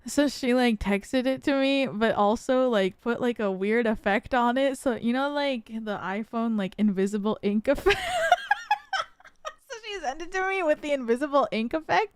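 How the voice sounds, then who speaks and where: A young woman streaming a game and telling a story in casual chat, animated and quick to laugh. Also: on the high side, slight background noise. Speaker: VTuber streamer playing a game.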